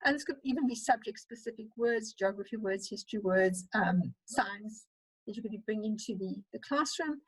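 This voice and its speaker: A woman lecturer with a South African accent teaching an online webinar, talking fast and animatedly with frequent fillers. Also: mid-range voice, breathy edge, no room sound, low-quality recording. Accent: South African English. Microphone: computer mic on a video call.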